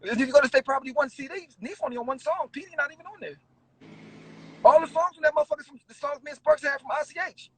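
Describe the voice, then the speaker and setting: Speaking fast in a very high voice, this man is a rapper recounting tales during a relaxed interview. He's lively, profane, and quick to laugh, and the recording is rough.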